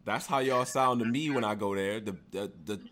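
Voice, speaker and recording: A man's voice: on the low side, a loud crowd. A man in casual chat, emphatic and joking as he argues. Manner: animated, emphatic, quick to argue and joke.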